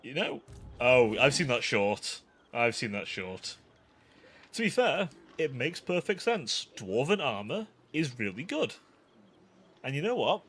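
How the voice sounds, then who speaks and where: A man's voice: medium pitch, sing-song, measured pace, fairly bright tone, a little hiss or hum. A British man live-streaming a strategy game, chatting and thinking aloud, often cutting himself off mid-thought. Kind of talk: live gameplay commentary.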